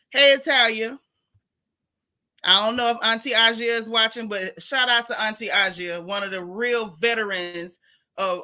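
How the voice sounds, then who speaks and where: A woman's voice: fairly high pitch, sharp tone. A woman from Florida with a Florida accent, hosting a live-stream and reading out chat comments in a sassy, blunt way, repeating her punchlines.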